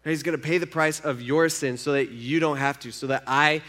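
A man preaching a sermon in a conversational way, moving from hushed, slow remarks to loud, emphatic ones. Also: on the high side, fairly even intonation. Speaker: pastor.

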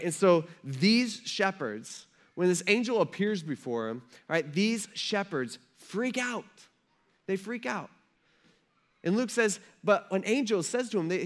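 A man in his thirties preaching a sermon from a church stage, telling stories in an animated, conversational way with lots of asides. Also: on the high side. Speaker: pastor.

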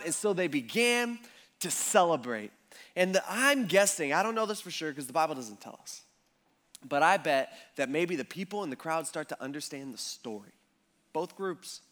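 A man preaching a sermon, retelling a parable in a lively, conversational way and acting out the voices of the crowd. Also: sits high, normal speed. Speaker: pastor.

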